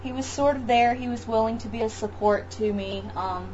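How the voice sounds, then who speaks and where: A woman's voice: fairly high pitch, normal speed, a little mellow, highs cut off, a little hiss or hum. A woman recounting her birth experiences in a casual interview, talking loosely with many fillers and restarts. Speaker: interview guest, mother. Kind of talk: casual chat, birth story.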